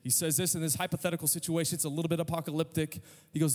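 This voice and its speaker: High-voiced, animated male preacher in a hall. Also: racing. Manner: animated and conversational, prompting audience responses; humorous everyday comparisons. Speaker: pastor. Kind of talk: sermon. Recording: long hall reverb with faint music.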